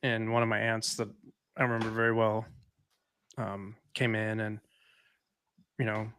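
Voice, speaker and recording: A man co-hosting a podcast, speaking candidly and haltingly with frequent restarts as he reflects. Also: fairly low pitch, monotone, fairly bright tone, a little hiss or hum. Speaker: podcast co-host. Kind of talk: candid conversation.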